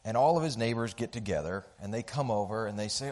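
A man's voice: on the low side, fast talker. A man telling a parable to a live audience, acting out the characters' voices. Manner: animated, acts out the voices of characters. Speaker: speaker telling a story to an audience. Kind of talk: storytelling talk.

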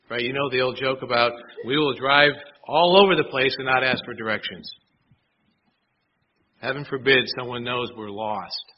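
A man's voice: medium pitch, dull audio, a little hiss or hum. Man preaching with rhetorical questions. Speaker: pastor. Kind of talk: sermon.

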